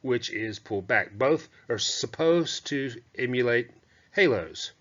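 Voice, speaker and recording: A man's voice: mid-range voice, animated, unhurried, fairly bright tone. A man giving a chatty, digressive lecture on historical costume, talking through slides with fillers and asides. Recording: dull, muffled lo-fi lecture recording.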